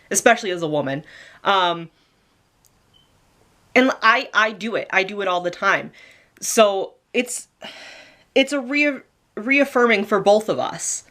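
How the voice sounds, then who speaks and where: A young woman giving casual advice in a vlog, talking fast and emphatically with lots of fillers. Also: medium pitch, fairly bright tone. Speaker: video creator.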